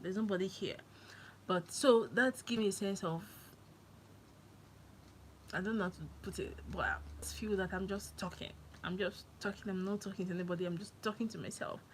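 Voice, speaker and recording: A woman's voice: mid-range voice, brisk, long pauses, slight background noise, poor audio. Chatty woman live streaming from her phone. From Nigeria. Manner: chatty and excitable, laughs often. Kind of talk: casual live-stream chat.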